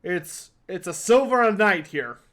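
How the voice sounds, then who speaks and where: A man voicing a large, greasy, scarred innkeeper with one eye, who talks curtly and gruffly in rough grammar. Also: sits high, animated, a little slow, fairly bright tone.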